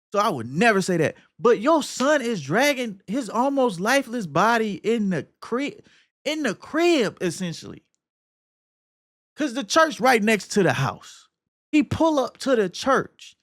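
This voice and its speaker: A man hosting a podcast, talking casually and emphatically about a film, cursing freely and swinging between loud outbursts and low muttering. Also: dry recording, clean studio sound. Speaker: podcast host.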